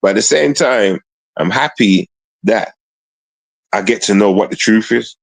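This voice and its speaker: A man's voice: fairly low pitch, unhurried, gravelly, no echo, poor audio. Dry-voiced man rambling on a stream. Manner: loose, repetitive street slang with frequent tag questions. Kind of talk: rambling casual livestream chat. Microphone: streaming mic.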